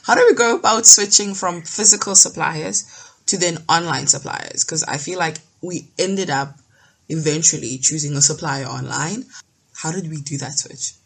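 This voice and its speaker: A young woman from South Africa co-hosting a casual podcast, telling lively stories with restarts and acted-out quotes. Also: sits low, normal speed, vocal fry, husky. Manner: storytelling, animated retelling with restarts. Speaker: podcast co-host. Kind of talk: casual chat.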